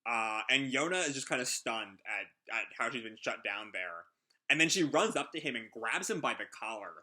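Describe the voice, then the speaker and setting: A man recapping a manga chapter live, casual and halting as he searches for words. His voice is very bright, and his pitch swings up and down a lot. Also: expressive. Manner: casual, hesitant, lots of fillers and restarts, thinking aloud. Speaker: manga reaction host. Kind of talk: live reading reaction.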